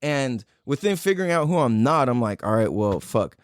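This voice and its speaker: A man's voice: mid-range voice, normal speed, dry recording, studio quality. A man hosting a podcast and telling a personal story in a loose, profane way, full of "like" and "dude". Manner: animated, reenacting his own past reactions. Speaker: podcast host.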